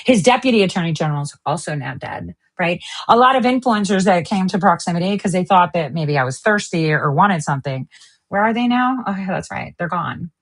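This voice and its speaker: A woman hosting an online news stream, ranting angrily and with lots of profanity, swinging between sharp outbursts and low mutters. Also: expressive, fairly quick. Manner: profane, heated, jumps between shouting and muttering. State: extremely angry. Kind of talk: angry livestream rant.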